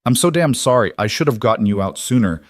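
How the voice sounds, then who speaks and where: A man voicing a rugged, protective cowboy who speaks quietly and with restraint. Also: mid-range voice, expressive, fast talker, dry recording, clean studio sound, voice pushed up, lightly acted. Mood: remorseful, tender.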